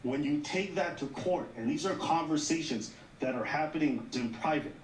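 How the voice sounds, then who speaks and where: A man's voice: on the high side, moderate pace. A man talks through a news story in casual commentary. He explains at length, reads quotes aloud and swears freely. His voice sounds roomy and a little far from the mic, with faint room noise behind it. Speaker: co-host of a commentary show.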